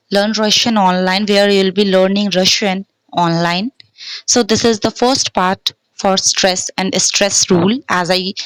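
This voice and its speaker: A woman's voice: mid-range voice, a bit bright, rough recording. A woman, teaching language as an online tutor and often checking in with "okay". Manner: repeats and restarts, frequent "okay" checks. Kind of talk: explaining to camera, mixing English and Hindi.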